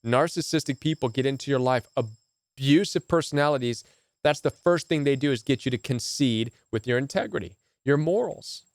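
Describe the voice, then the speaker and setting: A relationship coach addresses the camera in emphatic, repetitive commentary, often asking a rhetorical "right?" His medium-pitched voice moves at a moderate pace, with clean studio sound and no room sound.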